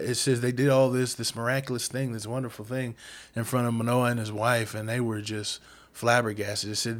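Laid-back slangy man retelling scripture. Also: medium pitch. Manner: acts out characters' lines conversationally. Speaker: Bible study speaker. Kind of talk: casual Bible storytelling.

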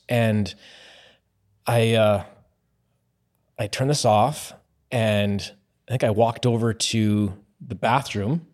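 A man hosting a podcast, telling a story in a casual, animated way and acting out his own past lines. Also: mid-range voice. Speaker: podcast host.

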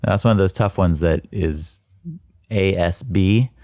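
A man's voice: sits low, unhurried, dark tone, no room sound, clean studio sound. A man learning in a recorded language lesson, repeating words back and joking about the sounds. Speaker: learner co-host.

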